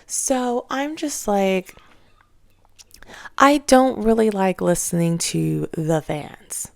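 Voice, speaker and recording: A woman vlogger ranting casually about her opinions, animated and mocking. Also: medium pitch, slow pace, gravelly, dry recording. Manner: animated, mocks others in exaggerated voices.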